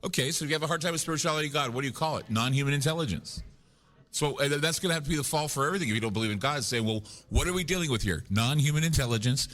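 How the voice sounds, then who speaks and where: A man's voice: fairly high pitch, very fast, fairly bright tone. Rambling, joking man telling stories. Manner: rambling, joking, self-deprecating storyteller. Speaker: paranormal conference guest. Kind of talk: casual chat. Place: live at a conference.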